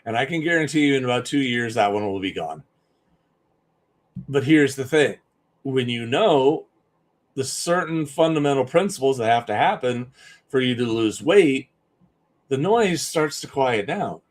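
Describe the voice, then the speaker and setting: A man's voice: medium pitch, expressive, a little slow, pauses often. A man giving an emphatic, conversational live-stream talk as a business coach, often repeating points for stress.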